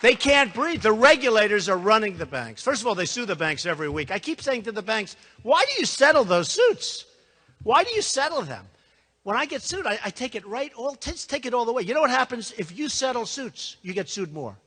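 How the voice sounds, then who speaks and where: A man's voice: sits high, sing-song, brisk, hardly any pauses, sharp tone. An older man giving a boastful, rambling campaign speech to a live audience, repeating himself and tossing asides to the crowd. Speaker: political candidate. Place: large hall before a live audience. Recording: long hall reverb.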